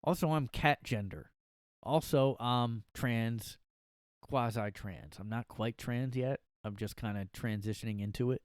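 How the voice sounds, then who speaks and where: A man's voice: mid-range voice, measured pace, clear, resonant tone, no room sound, studio quality. A man hosting a podcast alone from his room, rambling and joking with many fillers. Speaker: podcast host. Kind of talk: casual comedic monologue.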